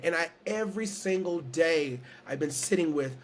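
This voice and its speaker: A man's voice: on the high side, lively intonation, moderate pace. A man from Houston, Texas, speaking earnestly and reflectively as an interview guest, close to tears, often repeating himself. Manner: earnest, searching, repeats phrases, emotional. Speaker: guest storyteller and entertainer.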